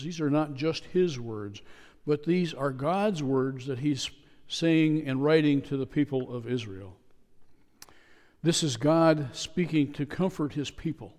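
A man's voice: a little high, darkish tone. Man preaching in a reverberant church. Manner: measured, repetitive preaching with emphatic pauses. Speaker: pastor. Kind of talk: sermon. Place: church sanctuary. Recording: long reverb of a church hall.

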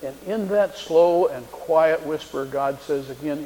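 Fairly high-pitched yet dark in tone, this pastor speaks a little slowly over faint hiss or hum, his sermon echoing with the long reverb of a large hall. He retells a story, voicing its quotes in shifting tones.

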